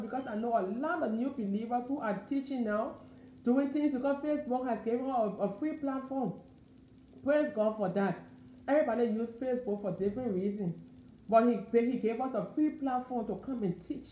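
A woman's voice: a little high, roomy sound, phone-quality sound. A woman with a Liberian accent giving an informal, fervent sermon from her dining room, repeating her urgings. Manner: fervent, repetitive exhortation. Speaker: Christian encourager.

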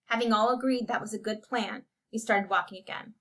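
A woman reading a short story aloud in measured scripted narration. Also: medium pitch, steady tone, fairly bright tone. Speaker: audiobook reader.

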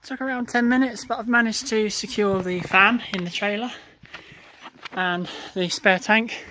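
A balloon retrieve driver giving a casual running commentary outdoors, explaining each step with frequent pauses. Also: medium pitch, fairly even intonation, sharp tone, slight background noise. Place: outdoors in a field and by a car.

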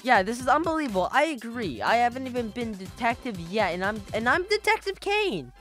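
A woman's voice: a little high, fairly quick, faint music behind. A woman giving playful, jokey commentary while playing a video game, yelping and laughing often. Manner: excitable, jokey, yelps and laughs. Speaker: gaming YouTuber.

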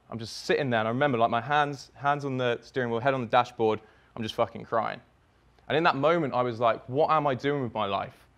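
A young man speaks at a summit, walking through a personal story step by step in the present tense. His pitch sits in the ordinary middle for a man. His delivery is vivid, with blunt swearing. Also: fairly bright tone. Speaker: speaker at a fitness business summit. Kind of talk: storytelling keynote talk.

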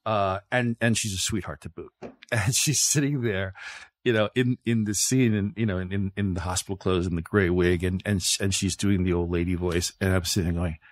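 A man's voice: low voice, fairly even intonation, no room sound. A middle-aged man as a guest in a casual chat, talking enthusiastically and often restarting his phrases. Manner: fast, stammering restarts, enthusiastic.

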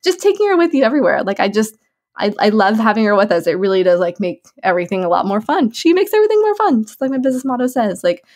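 A woman's voice: medium pitch, expressive, fast, darkish tone. Bubbly chatty young woman. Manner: chatty, bubbly, lots of "like" and laughs. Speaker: new mom answering viewer questions. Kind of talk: casual chat.

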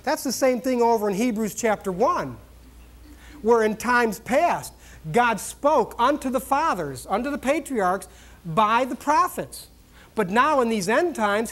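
A male pastor delivering a sermon from the pulpit. He talks in a conversational, folksy way, breaking into exclamations and humor as he tells a story. His voice swings from loud, high bursts down to quiet, low asides.

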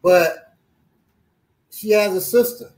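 Man, co-host, lively storyteller, acts out quotes, casual chat. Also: high-pitched, takes it slowly, reverberant.

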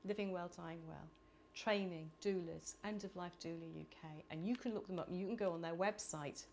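A middle-aged woman from the United Kingdom speaking at a conference, animated and chatty with laughing asides. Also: lowish voice, a little fast, vocal fry, a little hiss or hum. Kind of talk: conference talk. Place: conference hall.

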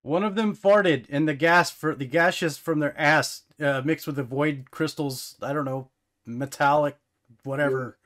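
A man's voice: fairly high pitch, a little slow, a bit bright. A man playing in a tabletop game, joking crudely and laughing often as he talks. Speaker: player. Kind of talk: casual tabletop role-play banter.

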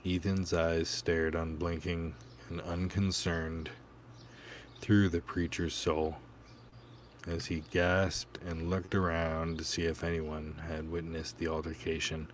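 Low, slow male narrator for a gritty audiobook; measured, even delivery. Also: slight background noise.

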